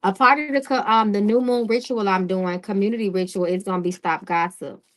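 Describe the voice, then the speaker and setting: A woman's voice: mid-range voice, brisk. A woman hosting a live-stream tarot reading who talks in a direct, casual way. She often checks in with "okay?" and greets viewers in the chat.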